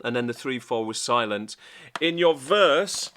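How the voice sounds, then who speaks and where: A man teaching a guitar piece in a relaxed, chatty way, with fillers as he explains and counts beats. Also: mid-range voice, a little slow, background noise. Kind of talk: casual instructional talk.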